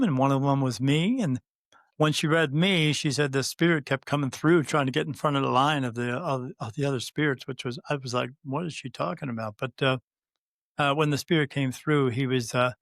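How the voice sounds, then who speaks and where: A man's voice: a little high, moderate pace, no room sound, studio quality. A man in his fifties, a guest on an interview, telling a personal story with many fillers and restarts and acting out the quoted dialogue. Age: 50s. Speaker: guest, spirit medium.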